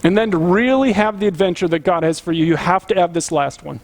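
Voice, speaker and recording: A man's voice: high-pitched, quick pace. A man preaching a conversational sermon as pastor, earnest and emphatic, putting direct questions to the congregation.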